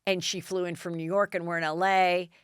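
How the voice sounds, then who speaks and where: A woman host in casual gossip chat with a low, smooth, resonant voice. She tells stories with lively, jumpy quoted voices. The sound is dry and close. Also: fairly quick, no echo. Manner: chatty storytelling, acts out quotes with big pitch jumps. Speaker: podcast host. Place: Los Angeles.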